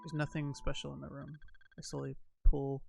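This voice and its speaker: A man's voice: mid-range voice, monotone, moderate pace, gravelly, over music. A man streaming a story game, reading its text aloud, stumbling over words and laughing now and then.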